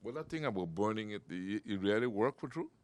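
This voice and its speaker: A deep-voiced man leads the interview. He nudges his guest with short questions and steady murmurs of encouragement, and he stutters into restarts now and then. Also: fairly quick, no room sound. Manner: prompting, with many short encouraging backchannels.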